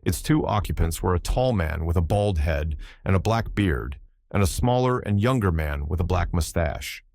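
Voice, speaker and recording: A man narrating an audiobook in a measured, even scripted reading, recorded close to the mic. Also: low voice, no echo.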